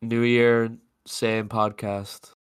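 A man's voice: mid-range voice, level tone, drawn-out words, clear, resonant tone. A man co-hosting a podcast in casual chat, sick with a cough, dry and laid-back. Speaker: podcast co-host.

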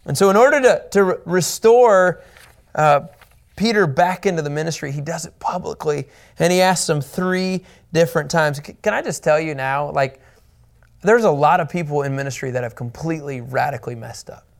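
Male pastor teaching scripture, raspy-edged and a bit high, earnest and pressing his points. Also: moderate pace. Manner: earnest and emphatic, repeats key points. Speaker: pastor teaching a Bible series. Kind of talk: Bible teaching.

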